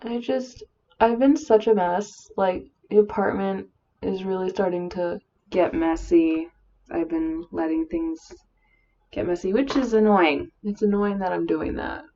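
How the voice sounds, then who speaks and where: A woman chats away while doing her makeup, mumbling and rambling with a steady stream of fillers. Her voice carries a gravelly fry, and the recording sounds dull and lo-fi. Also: on the low side, measured pace. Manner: filler-heavy valley-girl chatter. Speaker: vlogger. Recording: dull lo-fi audio.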